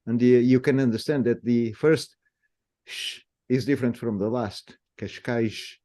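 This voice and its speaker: A man's voice: mid-range voice, steady tone, normal speed, warm tone. A man whose first language is Portuguese, speaking English with a Portuguese accent and patiently demonstrating how words sound. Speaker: language guest explaining pronunciation. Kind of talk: explanatory conversation.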